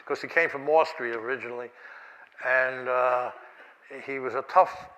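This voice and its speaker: An older man tells stories at a conference podium, laughing often and circling back through restarts and fillers. His voice is bright and forceful, his pitch in the middle for a man. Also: steady tone, moderate pace, highs cut off. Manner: rambling, chuckling, many restarts and fillers. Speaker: keynote speaker. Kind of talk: lecture with anecdotes. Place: conference lecture hall.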